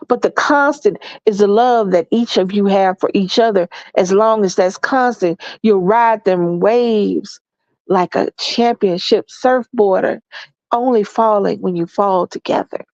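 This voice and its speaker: A woman's voice: medium pitch, measured pace, a little mellow, no echo, dull audio. A congested woman giving relationship advice in a folksy, preachy monologue, calling her listeners y'all and baby.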